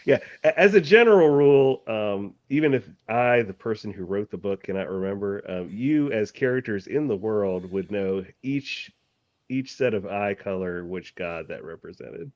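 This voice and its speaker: A man's voice: on the low side, lively intonation, normal speed, darkish tone, no echo, dull audio. A man narrating as game master of a tabletop game, hesitant with many ums and uhs.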